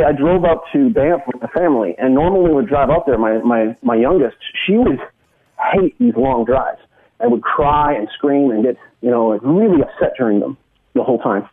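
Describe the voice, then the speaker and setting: A middle-aged man with a husky, breathy voice tells a personal story, earnest and full of little restarts. His voice comes through narrow and tinny, like it is carried over a phone line. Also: medium pitch. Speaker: guest. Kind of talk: personal testimony in a conversation.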